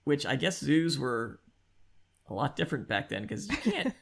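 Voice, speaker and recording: A man's voice: a little high, big pitch swings, normal speed, gravelly, a bit bright, breathy edge. A man co-hosting a podcast, casually walking through a novel's plot and chatting it over. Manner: easygoing, steers the discussion through the plot. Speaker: podcast co-host. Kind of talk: casual book discussion.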